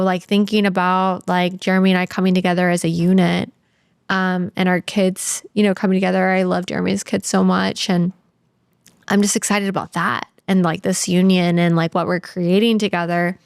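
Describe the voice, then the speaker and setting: A woman's voice: mid-range voice, clean tone, no room sound. A woman in her thirties, a podcast guest, talking candidly and earnestly about her life, close to tears, with many "like"s. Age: 30s. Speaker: podcast guest, sales trainer. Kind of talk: candid interview talk.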